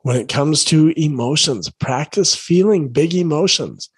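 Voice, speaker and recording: A parenting coach, a man, talks straight to his viewers in an earnest, encouraging way, circling back to the same phrases. His voice is a little husky and tired from the late hour. The sound is dry and close, with no room around it. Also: a little high, a little slow, dry recording, rough recording. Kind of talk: casual direct-to-camera talk.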